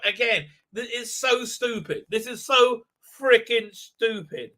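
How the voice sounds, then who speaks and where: Bright-voiced sarcastic man hosting a stream. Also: sits high, steady tone, takes it slowly, hardly any pauses. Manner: rambling, sarcastic, many fillers; mocking put-on voices when quoting. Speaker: show host. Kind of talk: live commentary stream.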